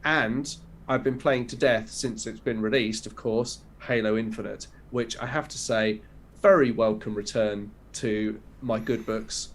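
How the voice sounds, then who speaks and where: A man's voice: on the low side, fairly even intonation, measured pace, a little hiss or hum. A man co-hosting a podcast, chatting casually and rambling through a rundown of video games. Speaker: podcast co-host. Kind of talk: casual chat.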